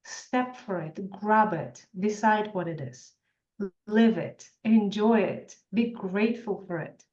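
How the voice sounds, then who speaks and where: A woman's voice: mid-range voice, slow pace, a little mellow. A woman coach speaks in short, emphatic bursts in a motivational interview. Her voice sits in a roomy space. The sound is dull and lo-fi. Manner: emphatic, short punchy phrases. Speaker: author and financial coach.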